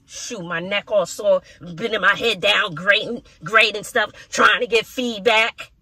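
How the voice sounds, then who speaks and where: A woman teacher vlogs straight to the camera from her classroom. Her voice sits at a middling pitch. She talks in an expressive, venting way, laughing and sighing as she goes. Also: measured pace. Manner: expressive, ranting, sighs and laughs often. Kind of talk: casual vlog talk to camera.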